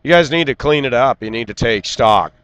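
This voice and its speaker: A man delivering an indignant, lecturing rant straight to camera and clearing his throat now and then. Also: mid-range voice, expressive, a little fast, a bit bright, poor audio. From United States. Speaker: vlogger. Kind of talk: ranting monologue.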